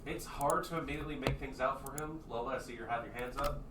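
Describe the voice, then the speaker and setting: Game master narrating in a roomy room. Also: male voice, medium pitch, quick pace. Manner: casual, with frequent fillers. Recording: roomy room, distant mic, faint noise.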